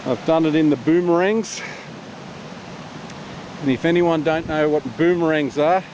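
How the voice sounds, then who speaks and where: A man's voice: fairly high pitch, measured pace, darkish tone. Chatty man on a bushwalk. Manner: chatty, self-narrating on the move. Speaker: bushwalking vlogger. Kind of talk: casual outdoor vlog. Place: outdoors in bush gorge by a waterfall. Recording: muffled camera audio with outdoor noise.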